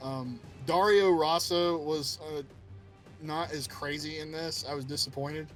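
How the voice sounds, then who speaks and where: A man co-hosting a casual podcast about a video game, animated, swearing freely and acting out character quotes. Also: a little high, unhurried, faint music behind, low-quality recording. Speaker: podcast co-host.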